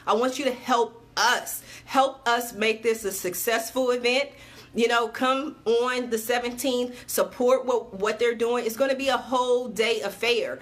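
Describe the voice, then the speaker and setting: Talking to her livestream audience on Facebook Live, the CEO of a small TV network keeps things casual and upbeat, repeating dates to stress them. She sweats a bit and pats herself dry, her voice high-leaning with a fairly bright tone.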